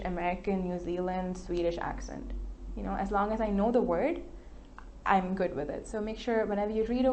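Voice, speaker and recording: A woman's voice: medium pitch, a little mellow, slight background noise. A woman tutoring an English discussion group, giving patient, explanatory feedback with many fillers. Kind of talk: spoken feedback to a study group.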